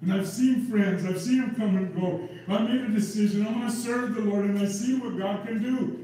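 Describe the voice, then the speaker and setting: A man's voice: high voice, fairly even intonation, normal speed, mellow. A middle-aged male pastor preaching an impassioned, repetitive sermon, checking in with the congregation as he goes. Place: church sanctuary. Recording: very echoey church hall, distant mic.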